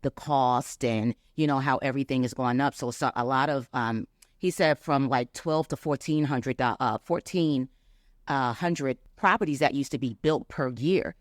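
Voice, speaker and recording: A man's voice: medium pitch, normal speed, dry recording, clean studio sound. A man in the audience asking a long, rambling question at a meetup, with many fillers.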